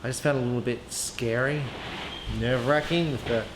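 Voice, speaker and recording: A man's voice: mid-range voice, steady tone, fairly quick. A man casually reviewing archery gear, thinking aloud with frequent ums and restarts. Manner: chatty, hesitant, lots of ums and restarts. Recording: echoey room with faint ambient noise.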